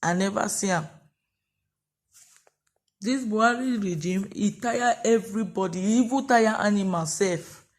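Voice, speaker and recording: A woman's voice: mid-range voice, measured pace, pauses often. A woman vlogger speaking Nigerian Pidgin, delivering an impassioned, repetitive rant of commentary in an opinion vlog.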